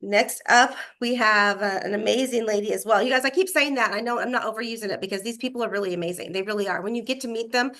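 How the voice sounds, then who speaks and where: A woman's voice: fairly high pitch, quick pace, hardly any pauses, fairly bright tone. A woman hosting a group video call, gushing with praise for members. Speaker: host of the call. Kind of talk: casual chat.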